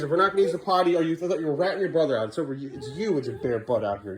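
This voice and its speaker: Man, parent vlogger at home; lively, swooping pitch; coaxes toddlers, drops low asides to camera. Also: very fast, few pauses. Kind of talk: casual home vlog. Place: home bathroom.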